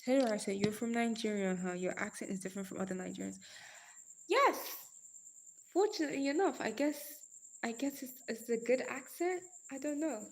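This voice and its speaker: Young woman on a live stream, high-energy chatty, keeps calling folks darling and girl. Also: normal speed, vocal fry. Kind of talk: casual live stream chat.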